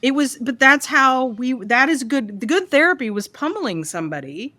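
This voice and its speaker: A woman's voice: high-pitched, animated, bright, forceful tone, dry recording. Candid woman therapist chatting. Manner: candid, exasperated, quick asides. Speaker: therapist and podcast co-host. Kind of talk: casual chat.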